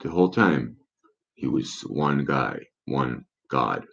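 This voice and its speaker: A man's voice: extremely low pitch, lively intonation, takes it slowly, gravelly, a bit bright, breathy edge. A man talking in a profane, rambling monologue full of rhetorical questions, on a dull lo-fi recording.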